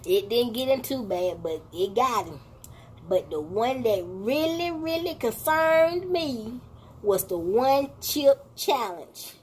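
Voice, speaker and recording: Slow, animated woman vlogger chatting. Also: fairly high pitch, slight background noise. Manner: animated storytelling, addresses viewers as y'all, laughing asides. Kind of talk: casual reaction chat.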